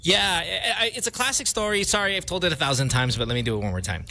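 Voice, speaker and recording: A man with a Filipino accent hosting a radio show, telling a story in an animated way and laughing often. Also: on the high side, fast, slight background noise. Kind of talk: casual studio banter. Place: radio studio.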